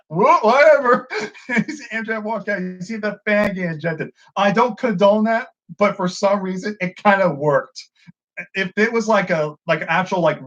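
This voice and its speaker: A man co-hosting a wrestling review show in casual, profane commentary, excitable and acting out what the wrestlers said. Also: high-pitched. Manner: excitable, swears a lot, acts out quotes. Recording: dull lo-fi sound.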